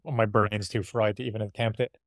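A man's voice: on the low side, level tone, a little fast, no room sound, studio quality. A man with an Irish accent, a marathon runner and podcast co-host, chatting casually and rambling, worn out after a hard workout. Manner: chatty, rambling, laughs often. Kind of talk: casual chat.

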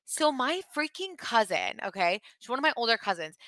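Bright-voiced woman in her thirties, chatting. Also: a little high, very animated, fairly quick, no room sound. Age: 30s. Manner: rambling, filler-heavy storytelling. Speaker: podcast co-host. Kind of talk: casual storytelling chat.

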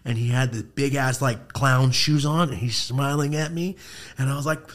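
A man hosting a podcast, telling ghost stories in casual chat, with heavy swearing and animated delivery. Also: mid-range voice, normal speed. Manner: profane, animated storytelling. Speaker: podcast host.

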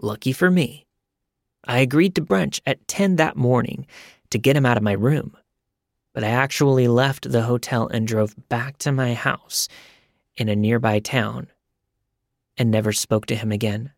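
A man reading a first-person story aloud in a plain, brisk storytelling manner. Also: medium pitch, vocal fry, dry recording, clean studio sound. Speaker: narrator.

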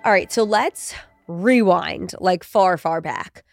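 A woman from New Jersey hosting a casual solo podcast, excited and chatty, sounding congested and nasal. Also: lowish voice, takes it slowly, vocal fry, no echo, clean studio sound, faint music behind. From Central New Jersey. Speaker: podcast host.

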